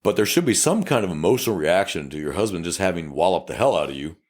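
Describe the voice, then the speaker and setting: A man's voice: deep voice, fast. A man with a South Texas accent, a police officer co-hosting a podcast, telling a story with lots of profanity and acted-out dialogue. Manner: profane, animated, acts out dialogue. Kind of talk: casual storytelling chat.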